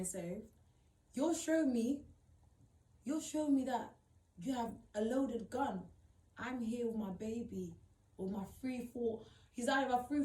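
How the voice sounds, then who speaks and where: Woman, emphatic slangy storytelling, slightly high voice, roomy sound, distant from the mic. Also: darkish tone. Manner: emphatic, repetitive, slang-heavy street talk. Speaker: storyteller recounting her experience. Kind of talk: personal storytelling.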